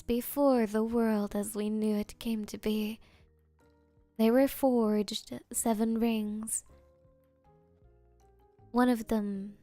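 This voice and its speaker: A woman voicing a solemn narrator telling an ancient legend in a slow, hushed way. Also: fairly high pitch, no room sound, pitched below the performer's own voice. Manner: grave, slow, hushed storytelling.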